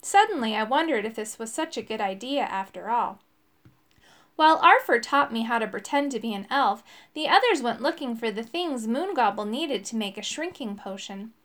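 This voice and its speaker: A woman reads a children's fantasy story aloud in the first person, her voice high and bouncing through a wide pitch range. Her storybook delivery is lively and expressive throughout. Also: normal speed. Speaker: audiobook narrator. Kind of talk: storybook narration.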